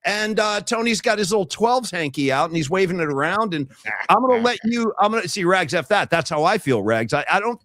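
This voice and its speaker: A man co-hosting a sports podcast in casual chat, animated and reading viewer comments aloud. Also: high-pitched, a little fast, dry recording. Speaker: podcast co-host.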